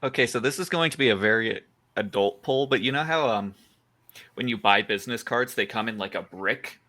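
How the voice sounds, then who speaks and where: A man playing in a tabletop game, calmly describing what his character does. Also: lowish voice, brisk. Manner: relaxed, storytelling his moves. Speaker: player. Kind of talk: tabletop role-play chat.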